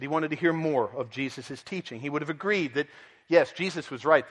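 A man's voice: mid-range voice, fairly bright tone, in a large hall. A man preaching an earnest expository sermon, at times voicing the people in the story with dramatic emphasis. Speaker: pastor.

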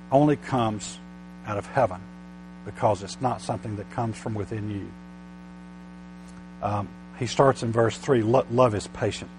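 A man preaching a sermon, often restarting his words, slow and halting at first and then building to loud, emphatic passages. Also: mid-range voice, a little hiss or hum, poor audio.

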